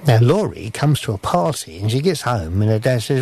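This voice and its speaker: A man's voice: mid-range voice, big pitch swings, moderate pace, hardly any pauses, darkish tone, slightly rough. A male radio host presenting a quiz and telling a story in a chatty manner.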